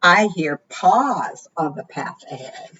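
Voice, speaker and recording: A woman voicing a big, hungry, slow-witted monster in a storybook read-aloud, gruff and slow. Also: on the low side, expressive, fairly bright tone, muffled recording, exaggerated voice. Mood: wary.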